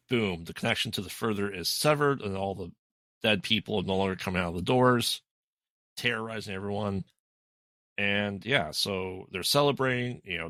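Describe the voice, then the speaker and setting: A man's voice: low-pitched, bright, forceful tone, dry recording. A man co-hosting a podcast who retells a film's plot in casual chat, rambling with frequent ums. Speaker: podcast co-host. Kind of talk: casual movie recap chat.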